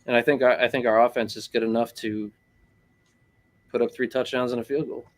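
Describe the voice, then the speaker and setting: A man's voice: medium pitch, fairly even intonation, a little fast. A man co-hosting a casual sports chat, rambling and filling his talk with "like" and "bro". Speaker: podcast co-host.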